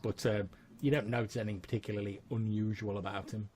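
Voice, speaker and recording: A man's voice: lowish voice, level tone, fast talker, a little mellow. A man narrating a tabletop role-playing game as game master, in a casual, filler-heavy way.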